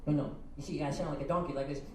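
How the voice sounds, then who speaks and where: An actress playing a bumbling young male traveling adventurer who talks in rushed, fumbling bursts, recorded live from far off in an echoey venue. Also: deep voice, steady tone, lightly acted. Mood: eager. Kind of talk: live improvised stage comedy. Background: loud music and audience.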